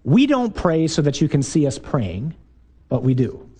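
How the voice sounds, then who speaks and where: Emphatic priest giving a lively talk. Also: male voice, on the high side, a little slow, husky. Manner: emphatic, animated preaching with rhetorical questions. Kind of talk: talk to a parish men's group.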